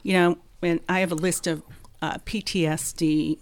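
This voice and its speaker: Measured woman reflecting in an interview. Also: on the low side, little pitch movement. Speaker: interview guest. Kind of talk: reflective conversation.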